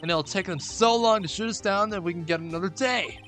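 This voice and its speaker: A man's voice: sits high, brisk, a bit bright, soft background music. A man doing a gloomy young defense lawyer. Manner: gloomy, wry, sighing.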